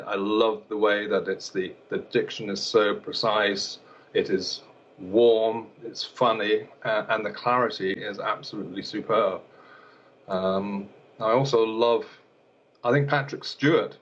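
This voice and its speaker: Hesitant low-voiced man, muffled sound. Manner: hesitant, many fillers and repeated words. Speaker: elocution teacher. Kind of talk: broadcast interview answers.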